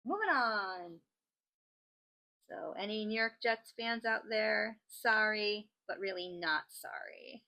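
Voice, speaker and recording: Bright, chatty woman crafting host. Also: medium pitch, slow, low-quality recording. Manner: chatty, joking asides. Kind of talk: casual chat while crafting.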